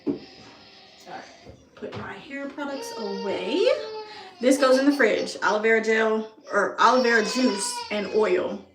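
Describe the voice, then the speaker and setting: Young mom vlogger, slightly high voice, rambling casual chat full of ums. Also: female voice, measured pace, over loud music. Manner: chatty, laughs often, trails off with "um"; talks aside to her toddler in between. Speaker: beauty vlogger and mother.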